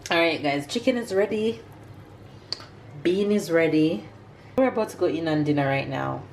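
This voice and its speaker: A woman's voice: low-pitched, lively intonation, normal speed, darkish tone, echoey room, slight background noise. A woman with a Jamaican accent, vlogging casually from her home kitchen and teasing her partner. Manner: chatty, teasing, playful.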